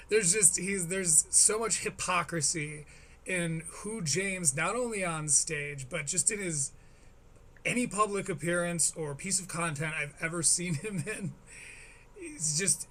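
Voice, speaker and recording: American guy ranting on his stream, sarcastic and sweary, bright voice. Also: sits high. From United States. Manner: sarcastic, profane and critical. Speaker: streamer reacting to a comedy special. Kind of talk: live-stream reaction commentary.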